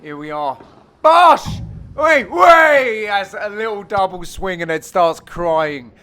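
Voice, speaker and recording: A man giving jokey voice-over commentary on his own amateur match, teasing his friends with sudden loud exclamations. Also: on the high side, a little slow, smooth. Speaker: player and commentator.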